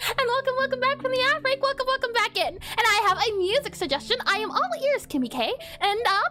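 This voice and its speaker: A woman's voice: very high-pitched, big pitch swings, a little fast, bright, forceful tone, soft background music. A woman streaming herself drawing pixel art, chatting casually with viewers and giggling often between fillers. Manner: giggly, bubbly, many fillers. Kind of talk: casual live-stream chat while drawing.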